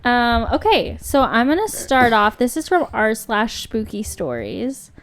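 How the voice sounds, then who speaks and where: A young woman with a smooth, clean voice co-hosts a podcast. She chats easily and laughs often, then reads a story aloud at an even, unhurried pace. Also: a little high. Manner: chatty, laughs easily, reads with slow steady pacing. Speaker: podcast co-host. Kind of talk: casual chat and reading stories aloud.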